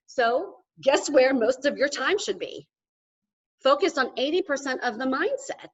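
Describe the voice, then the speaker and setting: A woman giving an energetic motivational talk to a live audience, emphatic and often checking in with "okay?". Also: high-pitched, a little slow, lo-fi sound. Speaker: motivational speaker at a sales event.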